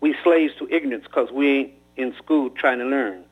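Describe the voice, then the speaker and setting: Subdued young man, quiet and reluctant, husky tone, read by a man. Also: mid-range voice, normal speed, natural voice. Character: subdued young man reading aloud under threat. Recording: tinny phone-like radio line.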